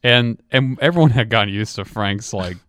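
A man co-hosting a casual podcast tells a rambling childhood story. His voice is low-pitched, and he chuckles and restarts his sentences often. The sound is dry and close to the mic. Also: animated, normal speed, fairly bright tone, no echo. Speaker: podcast co-host.

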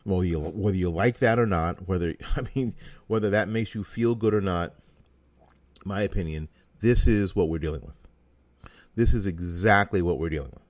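A man's voice: low-pitched, moderate pace, no room sound. A middle-aged American man giving a folksy, sarcastic opinion monologue as a talk show host.

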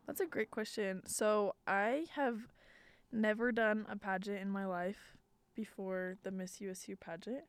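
A woman's voice: medium pitch, fairly even intonation, unhurried, smooth, no echo. A young woman chatting casually on a podcast, rambling with many fillers and giggling often. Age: young adult. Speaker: podcast guest. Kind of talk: casual chat.

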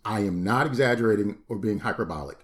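A man's voice: fairly low pitch, fast, over music. A man in his forties co-hosting a podcast, joking and rambling in a playful, casual way. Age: 40s. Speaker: podcast co-host.

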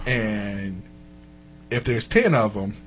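A man telling a long story in a casual chat, animated and profane, laughing often and acting out the other people in it. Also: fairly low pitch, takes it slowly, soft background music. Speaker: podcast host telling a story.

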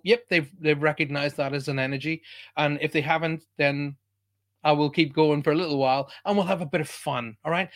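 A man's voice: a little high, a bit bright. An Irish man hosting a live online show, chatting casually and greeting viewers by name. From Ireland. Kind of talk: casual live-stream chat.

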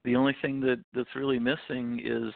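A man in his thirties chats in a jokey, rambling way as an interview guest. His voice is strongly gravelly and sounds dry and close. It comes through a narrow, phone-like line. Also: mid-range voice, level tone, a little fast, no echo. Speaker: guest author.

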